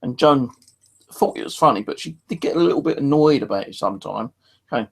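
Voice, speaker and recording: A man's voice: medium pitch, expressive, a little fast, creaky, breathy edge. A middle-aged man streaming, talking in a casual, rambling monologue full of fillers. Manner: rambling, many fillers and restarts.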